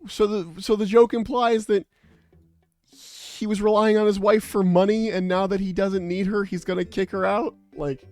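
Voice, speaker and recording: A man's voice: sits high, flat delivery, moderate pace, darkish tone, no echo, faint music behind. A young adult man streaming, chatting casually in a rambling, exasperated, profane way. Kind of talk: casual livestream chat.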